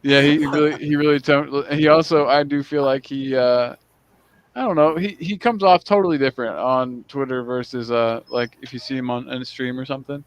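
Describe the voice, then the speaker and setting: A man's voice: mid-range voice, fairly even intonation, brisk, no room sound, muffled recording. An American man in his late twenties hosting a casual chat, rambling and laughing easily. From United States. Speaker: podcast host.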